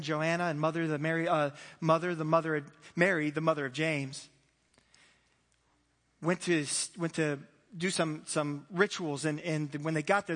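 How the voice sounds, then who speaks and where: A male pastor with a high, bright voice, preaching to his congregation in an animated storytelling manner. He drops playful asides and acts out the people in the story. His voice rings out with a long echo through a large church hall. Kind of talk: sermon.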